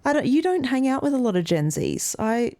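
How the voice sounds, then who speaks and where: A woman's voice: on the high side, very animated, fairly quick, mellow. A young woman co-hosting a podcast in casual chat, playful and chatty, often laughing and trailing off with fillers. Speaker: podcast co-host.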